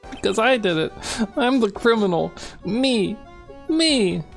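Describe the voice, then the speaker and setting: A man putting on a squeaky, jittery young man who whines and stammers as he begs, his voice pitched far above the reader's own and swinging widely, with faint game music underneath. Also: animated, slow, gravelly, heavily acted. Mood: whiny pleading. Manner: whiny, pleading, stammering.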